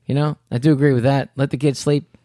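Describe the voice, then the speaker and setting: A man's voice: medium pitch, little pitch movement, quick pace, mellow, no echo. A man, a father, joking about himself in casual chat. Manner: joking, self-deprecating.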